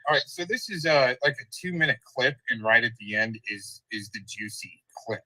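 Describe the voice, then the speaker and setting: A man's voice: medium pitch, animated, normal speed, sharp tone, low-quality recording. A man hosting a livestream, ranting in profane, combative commentary over clips he plays. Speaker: livestream host.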